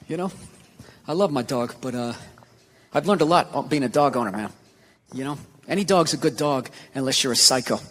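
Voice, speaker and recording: American comic ranting on stage, sharp bright voice, echoey hall. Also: male voice, on the high side, a little hiss or hum. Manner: ranting, swings into shouted outbursts. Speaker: stand-up comedian. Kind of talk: stand-up comedy routine. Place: theater stage. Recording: live venue reverb.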